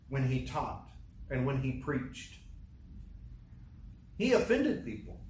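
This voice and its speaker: A man preaching a sermon, asking rhetorical questions and repeating key lines. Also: on the high side. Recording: echoey room, distant mic, faint hiss.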